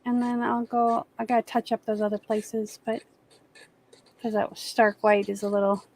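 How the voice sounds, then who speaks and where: Woman artist hosting a stream, kinda high voice, rambly easygoing chat while painting. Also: flat delivery, moderate pace, a little mellow, slight background noise. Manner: rambling, self-correcting, easygoing.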